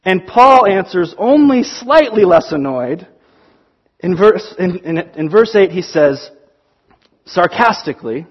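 A man preaching a sermon, telling stories in an animated way and acting out the quotes. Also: high-pitched, a little slow, slightly rough, lo-fi sound. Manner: animated storytelling, acts out quotes. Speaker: pastor.

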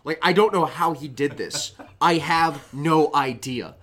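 A man's voice: a little high, measured pace, a bit bright. Profane, rambling young man telling a story. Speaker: podcast co-host. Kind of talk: casual storytelling chat.

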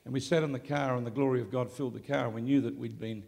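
A man preaching live to a congregation, moving between hushed storytelling and loud, shouted declarations. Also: mid-range voice, steady tone, fast talker, gravelly, in a large hall. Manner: swings from quiet storytelling to shouted exclamations. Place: large hall, live event.

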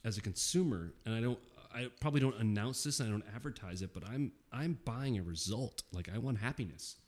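A man's voice: fairly low pitch, lively intonation, brisk, a little mellow. A man hosting a casual podcast chat, laid-back and swearing freely. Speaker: podcast host.

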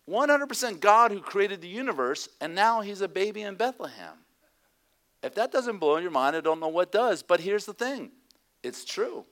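A male pastor preaching a sermon in an animated way, sometimes dropping to a hushed, near-whispered tone. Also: high-pitched, normal speed.

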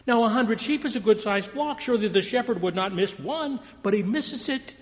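A man preaching a sermon, telling stories in an animated storytelling manner. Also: normal speed. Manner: storytelling with wide pitch swings. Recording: long hall reverb.

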